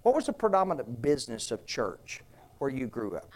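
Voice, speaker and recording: Earnest halting male pastor. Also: medium pitch, big pitch swings, darkish tone. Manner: earnest, halting with restarts, folksy. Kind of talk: conversational sermon with questions to congregation.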